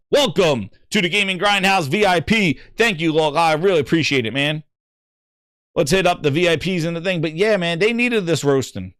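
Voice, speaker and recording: A man in casual, ranting podcast chat, animated and exasperated, stumbling over restarts as he piles on complaints. His voice sits a bit high for a man. The sound is dry and close, with no room in it. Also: normal speed, smooth, dry recording. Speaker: gaming podcast host.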